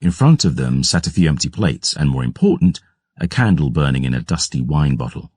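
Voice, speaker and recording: A man giving gruff, measured first-person audiobook narration. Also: very deep voice, big pitch swings, darkish tone, no room sound, studio quality.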